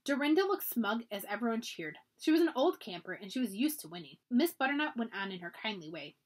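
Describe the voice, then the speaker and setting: A librarian reads a children's chapter book aloud, her pitch a little high and very lively. She tells the story expressively, like a read-aloud for young listeners. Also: a little fast.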